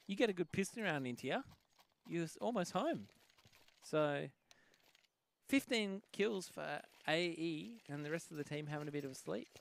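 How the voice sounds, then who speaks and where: A man calls a live game with playful, jokey banter. His voice has a gravelly fry and sits a little high, with faint noise behind him. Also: animated, normal speed. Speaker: esports caster.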